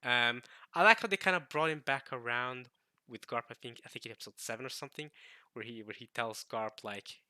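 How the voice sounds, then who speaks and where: A man's voice: mid-range voice, a little fast, pushed and bright, dry recording. A man vlogging, giving an emphatic, rambling opinion rant in casual talk. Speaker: anime vlogger.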